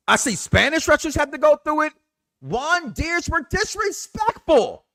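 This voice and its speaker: A man's voice: very high-pitched, a little slow. A man hosting a wrestling talk show, giving an impassioned commentary rant that is emphatic and full of repetition. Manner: animated, emphatic, repeats himself.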